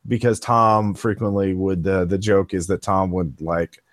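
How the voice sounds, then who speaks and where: A man's voice: low-pitched, steady tone, measured pace, no room sound, studio quality. A man chatting casually as a podcast guest, rambling with many restarts and fillers. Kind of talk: casual chat.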